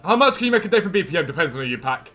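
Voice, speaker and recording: Fast-talking high-voiced male streamer. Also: big pitch swings, fairly bright tone, faint music behind. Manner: quick, chatty, answers chat questions. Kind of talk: live stream chat reading.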